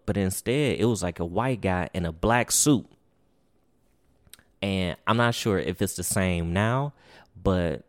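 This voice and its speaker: A young man tells a long story in a loose, rambling way, full of profanity and "or whatever". His voice sits very low. The recording is dry and close, with no room sound. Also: no room sound. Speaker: podcast host. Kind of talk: casual storytelling.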